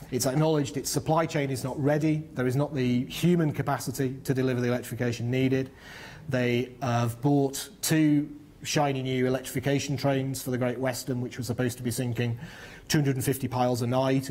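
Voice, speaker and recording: A man's voice: mid-range voice, darkish tone. Middle-aged man explaining, full of ums. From northern England. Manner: fluent, with many ums and restarts. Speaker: panel speaker on business and infrastructure. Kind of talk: explaining at a public discussion.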